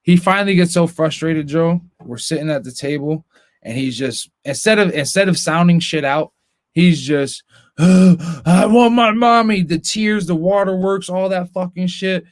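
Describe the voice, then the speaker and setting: A man's voice: fairly high pitch, normal speed, no echo. A young man hosting a podcast, telling a long story as a profane, ranting storyteller in casual chat. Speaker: podcast host.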